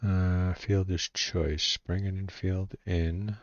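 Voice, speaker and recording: A man talks his way through a solo tabletop baseball game, reading out dice numbers and stopping now and then to check his sheets. He speaks in a relaxed, halting way, muttering half to himself. The recording is dry and somewhat muffled, with no room sound. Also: deep voice, dry recording. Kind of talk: casual play-by-play while rolling dice.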